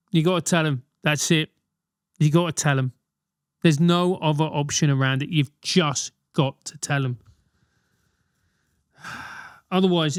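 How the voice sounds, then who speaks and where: A man's voice: on the high side, clear, resonant tone, no echo, studio quality. A man hosting a solo comedic advice podcast, rambling and swearing through comic rants. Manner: rambling, profane, comic ranting. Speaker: podcast host.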